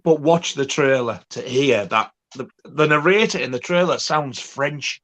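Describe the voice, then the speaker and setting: A man's voice: mid-range voice, unhurried, fairly bright tone. A man, co-hosting a casual film chat, blunt and dry, sometimes mimicking voices. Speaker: co-host.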